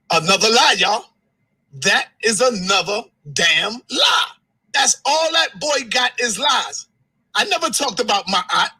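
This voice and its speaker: A man in an angry livestream rant who shouts, curses and swings his pitch sharply. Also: breathy edge, low-quality recording. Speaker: live streamer.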